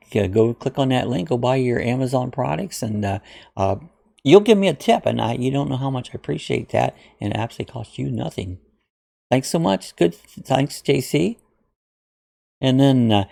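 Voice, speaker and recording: A man from Ohio with a gravelly, mellow mid-range voice hosts his channel. He casually works through viewer comments, rambling in a friendly way with plenty of uhs and restarts.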